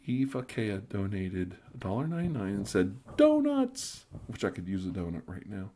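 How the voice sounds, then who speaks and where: A middle-aged man with a lowish voice chats loosely on a live stream, a little drunk. He rambles, trips over restarts, and slips into quiet whispers now and then. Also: brisk. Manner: rambling, stammering restarts, drifting into soft whispers. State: tipsy. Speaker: ASMR live stream host. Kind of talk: casual live stream chat, reading viewer comments.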